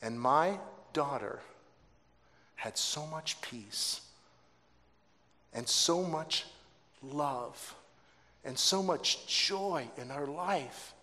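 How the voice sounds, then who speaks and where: Pastor preaching in a reverberant hall. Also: male voice, a little high, very slow, long pauses. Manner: animated, acts out quoted voices, stammering restarts. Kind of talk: sermon storytelling. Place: church sanctuary.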